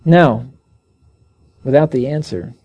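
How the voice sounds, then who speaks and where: A man's voice: takes it slowly, a little mellow, highs cut off. A man preaching an evening Bible teaching, speaking earnestly and asking his listeners questions as he reads scripture aloud. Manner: earnest, asks the listeners questions, raises pitch when reading scripture aloud.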